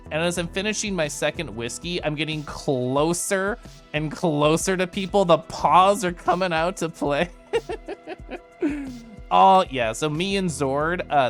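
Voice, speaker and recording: Young guy streamer, giggly and lively, pitch jumping all over, bit of music in the back. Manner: giggly, animated, chatty with viewers. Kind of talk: casual stream chat.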